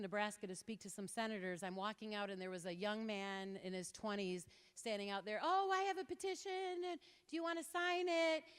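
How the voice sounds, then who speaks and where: A woman giving an impassioned talk to an audience, telling stories with lively quoted voices. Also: medium pitch, clear, resonant tone. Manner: animated storytelling with quoted voices. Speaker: speaker. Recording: reverberant hall.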